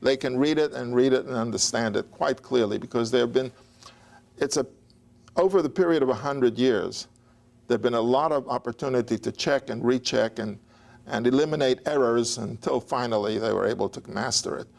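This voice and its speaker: A man's voice: mid-range voice, brisk, gravelly, a little mellow. A man lecturing on ancient history in a digressive, anecdotal way, with chuckles and restarts. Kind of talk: academic lecture.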